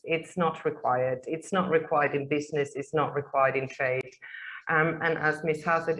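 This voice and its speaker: Native English-speaking woman panelist, low voice, emphatic, lots of ums. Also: fairly bright tone, a little hiss or hum, poor audio. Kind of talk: webinar panel discussion.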